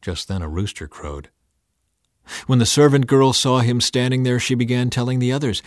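Man, scripture reading, dramatic, lively pitch, dry close recording. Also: moderate pace, dry recording. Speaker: narrator.

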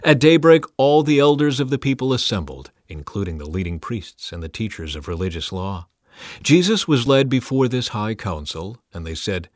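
Man, scripture reading, dramatic, lively pitch, dry close recording. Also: moderate pace, no echo. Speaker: narrator.

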